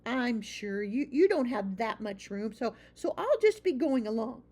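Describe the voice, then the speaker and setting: A woman voicing a shy, homeless boy field mouse in a children's storybook reading, quiet and stammering. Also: fairly high pitch, very animated, unhurried, pitched above the performer's own voice. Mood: hesitant.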